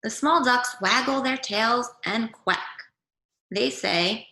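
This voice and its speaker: A woman teacher reading a picture book aloud to young children over a video call, gently asking them questions as she goes. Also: fairly high pitch, slow. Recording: echoey room.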